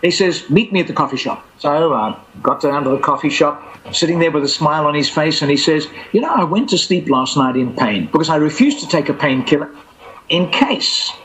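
A man's voice: fairly high pitch, fairly quick, rough recording. A man telling a long personal faith story in conversation, acting out the voices of the people in it. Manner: animated, acts out quoted voices. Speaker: guest storyteller.

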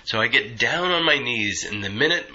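A man's voice: mid-range voice, expressive, moderate pace, bright, forceful tone, dull audio. A man teaching in an earnest, conversational way about his prayer life, speaking from his home prayer room. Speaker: Christian podcast speaker. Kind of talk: reflective spiritual teaching.

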